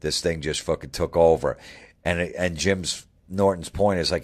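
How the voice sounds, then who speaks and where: A radio host with a very low voice launches into a heated monologue. He swears freely and piles on sarcasm as he mocks the people he is ranting about. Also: steady tone, moderate pace.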